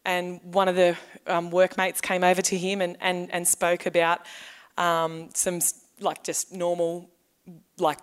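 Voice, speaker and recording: A woman's voice: on the low side, monotone, a little slow, smooth. Woman pastor preaching conversationally. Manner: conversational storytelling, acts out quoted voices. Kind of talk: sermon.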